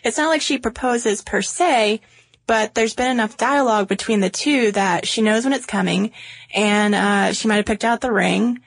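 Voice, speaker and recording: A woman's voice: a little high, moderate pace, dry recording. A woman co-hosting a podcast in casual chat, chatty and teasing. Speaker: podcast co-host.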